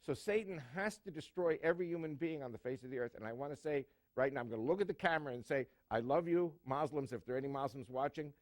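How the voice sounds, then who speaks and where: A man's voice: on the high side, fast, few pauses, dry recording. Guy guest on a talk show, emphatic, lots of uh's, dry sound. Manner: emphatic, storytelling with jokes, many fillers. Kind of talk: interview answer.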